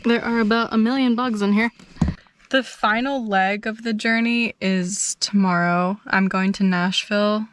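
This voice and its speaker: A woman's voice: mid-range voice, steady tone, a little slow, slight background noise. A young woman vlogging alone at a campsite at night, nervous and laughing at herself as she talks to her phone camera. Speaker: solo camper filming herself. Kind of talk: casual vlog. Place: campsite in the woods at night, outdoors. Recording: outdoor night recording with loud crickets. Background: loud crickets, frogs and insects.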